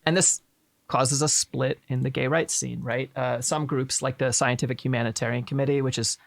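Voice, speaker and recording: A man's voice: mid-range voice, steady tone, moderate pace, vocal fry, no room sound. A man hosting a live stream, chatting casually about history with irreverent, profane jokes. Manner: irreverent, profane, joking asides. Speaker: stream host.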